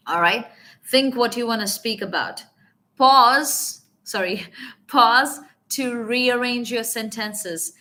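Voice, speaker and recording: A woman coaching business English in a live online lesson, talking animatedly and checking in often with her viewers. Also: mid-range voice. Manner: animated teaching with repeated check-ins. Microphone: webcam or phone mic on a live stream.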